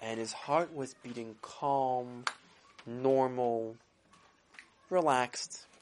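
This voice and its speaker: A woman's voice: extremely low pitch, drawn-out words, a little mellow, a little hiss or hum. A woman telling a story to children, dramatic and full of acted voices. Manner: dramatic, with sound effects and voices. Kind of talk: animated storytelling.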